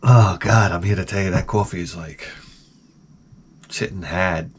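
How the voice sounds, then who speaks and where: A man's voice: low voice, fairly even intonation, a little fast, slight background noise. A man in his forties with a sarcastic, self-mocking manner, rambling through a comic story outdoors by his shed. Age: 40s. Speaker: vlogger. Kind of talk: rambling comedic monologue.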